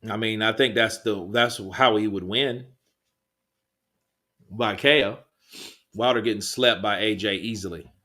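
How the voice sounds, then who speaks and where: Casting note: a male livestream host, slightly low voice, casual and rambling, swears freely while reading chat. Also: fairly bright tone. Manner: laid-back, rambling, swears a lot. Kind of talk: casual live boxing chat, reading viewer comments.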